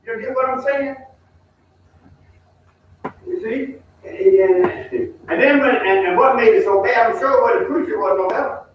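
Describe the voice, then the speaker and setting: A man's voice: very high voice, normal speed, pauses often, a faint crowd, a little hiss or hum. A man leading a Bible study, telling stories in a folksy way and talking straight to the group. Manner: folksy, talks to the group directly, mimics hollering. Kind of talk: storytelling bible study talk. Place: church. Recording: echoey, distant, dull room recording.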